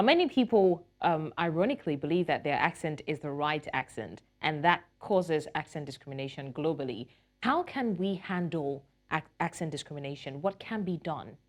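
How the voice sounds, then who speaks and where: Low-voiced woman TV host. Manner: formal, posing questions with hesitant ums. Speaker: TV talk show host. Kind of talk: interview questions.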